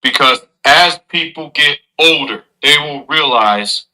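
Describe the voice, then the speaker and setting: A man's voice: fairly high pitch, measured pace, bright, forceful tone, rough recording. A man delivering an earnest, moralizing advice monologue to his audience as a streamer.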